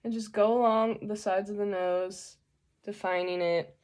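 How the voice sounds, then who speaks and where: A woman's voice: mid-range voice, fairly even intonation, measured pace, darkish tone. A young woman hosting a casual makeup tutorial, chatty and joking as she explains each step.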